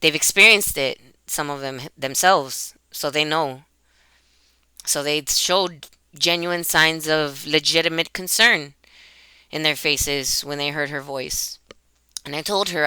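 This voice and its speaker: A woman's voice: deep voice, a little slow, long pauses, bright, forceful tone, clear, resonant tone, no echo. A woman in a personal vlog, speaking emotionally into a computer webcam, rambling and often restarting or repeating herself. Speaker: YouTuber.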